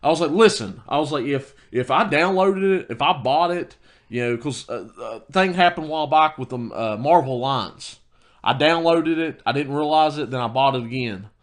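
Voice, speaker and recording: Telling a heated story during a casual podcast chat, this male co-host speaks at normal speed in a voice on the high side. He quotes his own words heatedly and keeps restarting.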